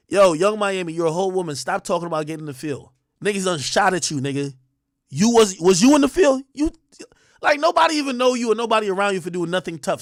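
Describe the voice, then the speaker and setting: High-voiced man ranting on a livestream. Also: big pitch swings, fairly bright tone, dry recording, clean studio sound. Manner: profane, confrontational, rapid-fire. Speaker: livestream host. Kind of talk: heated livestream rant.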